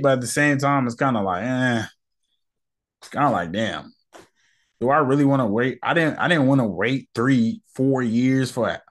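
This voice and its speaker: A man hosting a casual solo podcast, rambling in slang and sounding irritated. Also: mid-range voice. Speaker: podcast host.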